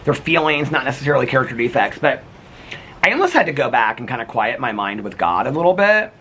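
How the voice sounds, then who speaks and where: A man's voice: medium pitch, sing-song, quick pace, a bit bright, slightly rough. A man talking to camera in a casual, reflective vlog, rambling with lots of restarts and fillers. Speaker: vlogger.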